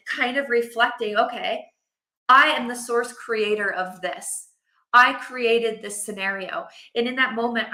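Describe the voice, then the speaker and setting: Animated bright-voiced woman vlogger. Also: on the high side, echoey room. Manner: animated, acts out her own quotes. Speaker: vlogger, mother. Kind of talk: casual storytelling to camera.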